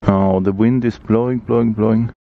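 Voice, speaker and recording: A man whose first language is German, narrating his film photography vlog outdoors on a city street, unhurried and enthusiastic, thinking aloud as he shoots. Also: lowish voice, fairly even intonation, narrow, tinny audio, music in the background.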